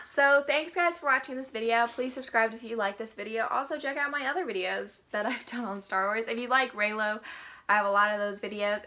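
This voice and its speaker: A woman's voice: a little high, bright, forceful tone. A young woman talking casually to her viewers in a vlog, chatty and full of fillers, reviewing a book. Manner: chatty, many fillers like "like" and "kinda". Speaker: vlogger reviewing a novel.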